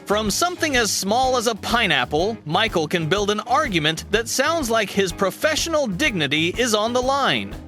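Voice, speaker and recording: A man reading a scripted narration in a smooth, even delivery. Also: high-pitched, moderate pace, hardly any pauses, soft background music.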